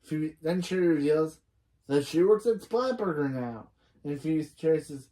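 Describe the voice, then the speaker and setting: Mellow-voiced reviewer recapping a TV episode. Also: medium pitch, moderate pace. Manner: retells scenes line by line, with frequent restarts and opinion asides. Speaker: reaction reviewer. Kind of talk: casual episode recap and commentary.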